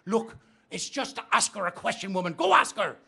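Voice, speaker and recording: A man's voice: high voice, huge pitch swings, fast, a bit bright, slightly rough, voice pushed up, exaggerated voice. A man voicing a bossy, impatient husband in a told joke. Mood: exasperated. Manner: blustering, bossy.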